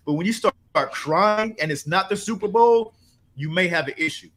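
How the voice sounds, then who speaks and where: A man's voice: sits high, animated, normal speed, a bit bright. A man hosting a sports podcast in casual, profane chat, often acting out what other people say.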